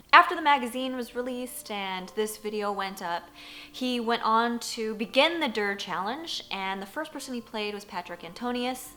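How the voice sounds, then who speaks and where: Bright, high-voiced woman telling a story. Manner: animated storytelling with lots of "like", acting out her own reactions. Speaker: poker journalist and vlogger. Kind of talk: storytime vlog.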